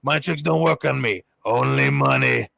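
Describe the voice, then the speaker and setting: A man's voice: mid-range voice, normal speed, creaky, bright, forceful tone, no echo, heavily acted. A man putting on a greedy alien junk dealer. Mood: mocking. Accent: Southern US country twang.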